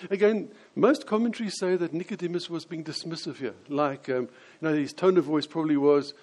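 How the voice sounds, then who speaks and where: A man preaching a sermon, explaining scripture and acting out quoted voices with lively changes. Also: a little high, brisk, hardly any pauses. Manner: animated, acts out quoted voices.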